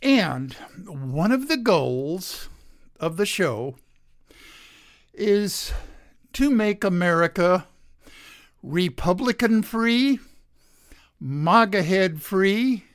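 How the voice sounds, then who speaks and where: A radio show host giving a casual opinion monologue from home, halting with many filler pauses. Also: medium pitch, sing-song, dry recording, studio quality.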